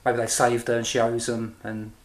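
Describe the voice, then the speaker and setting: Relaxed English podcast co-host. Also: mid-range voice, moderate pace. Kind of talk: casual recap chat.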